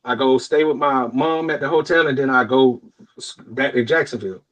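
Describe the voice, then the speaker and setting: A young man from Florida telling a personal story on a podcast, animated and profane, with loud outbursts and low, muttered asides. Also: normal speed, dull audio. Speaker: podcast co-host. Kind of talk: casual storytelling chat.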